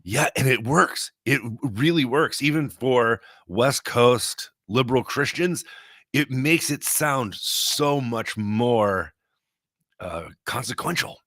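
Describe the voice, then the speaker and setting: A man's voice: medium pitch, lively intonation, slow, fairly bright tone, no echo, studio quality. A man chatting casually on a podcast, playful and easygoing. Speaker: podcast guest. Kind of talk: casual chat.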